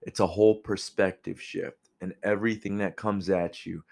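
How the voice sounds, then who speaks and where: Young dude ranting casual and profane, kinda low voice, animated. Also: male voice, normal speed, vocal fry. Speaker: vlogger. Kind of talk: casual motivational monologue.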